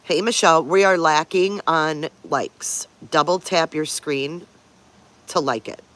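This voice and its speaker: Style: casual livestream chat. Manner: chatty, greets viewers by name, breaks off to coo at pet dogs. Pitch: medium. Role: host. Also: takes it slowly, fairly bright tone.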